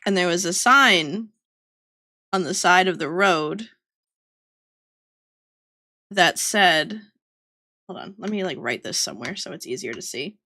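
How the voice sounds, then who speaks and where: A woman's voice: on the low side, animated, measured pace, pauses often, bright, forceful tone. Giggly Southern woman telling family stories. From Georgia, US. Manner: giggly, chatty, rambling. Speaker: streamer. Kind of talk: casual storytelling while drawing.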